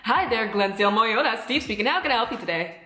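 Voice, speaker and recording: A woman's voice: fairly high pitch, lively intonation, fast, bright, forceful tone, echoey room, soft background music. A woman mimicking an overly chipper male store manager who talks in a sing-song customer-service voice. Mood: chirpy.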